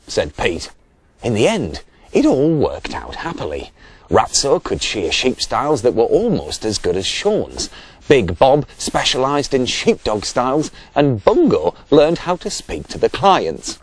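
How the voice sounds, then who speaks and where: A man reading a children's bedtime story aloud as the show's host, with expressive voices. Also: on the low side, unhurried, no echo. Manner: lively, expressive voices for each character.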